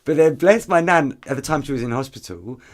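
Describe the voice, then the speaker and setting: A man, a podcast guest and activist, telling stories in an animated, chatty way with frequent ums. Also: on the high side, fairly quick. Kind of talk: conversational podcast interview.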